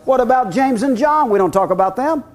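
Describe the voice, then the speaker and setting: Male preacher, high voice, animated storyteller who acts out voices. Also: a little fast. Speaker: guest preacher. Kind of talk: sermon.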